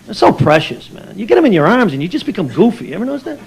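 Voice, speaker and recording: A man doing a stand-up routine in a comedy club, animated and slipping into baby talk and character voices. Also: high-pitched, racing, creaky, husky, poor audio. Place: comedy club stage before a laughing crowd. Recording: live club recording with crowd laughter and noise.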